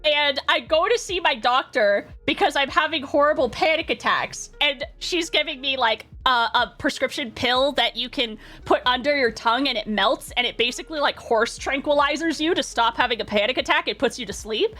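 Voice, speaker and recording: A young woman streamer telling stories in a casual, excitable way, laughing often and acting out what people said. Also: high-pitched, moderate pace, hardly any pauses. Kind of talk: casual storytelling.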